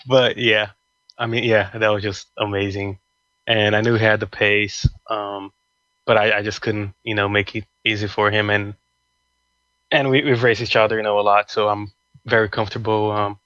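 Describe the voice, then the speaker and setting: A man with a low, flat voice answers interview questions hesitantly but kindly. His sound is dull and dry, as if from a basic mic. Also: dry recording. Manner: hesitant, friendly. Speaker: interviewed driver. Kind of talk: casual interview.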